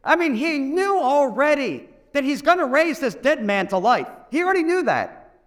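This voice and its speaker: A man doing the apostle John, his high voice earnest and insistent. John keeps pressing his friends to remember. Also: big pitch swings, normal speed, fairly bright tone, full character voice.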